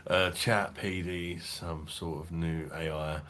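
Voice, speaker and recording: Brief: low-pitched male streamer, loose and profane, chatty rambling delivery. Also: steady tone, slow pace, a bit bright. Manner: swears freely, rambling, laughs often. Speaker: beer review channel host. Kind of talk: casual livestream chat reading viewer comments.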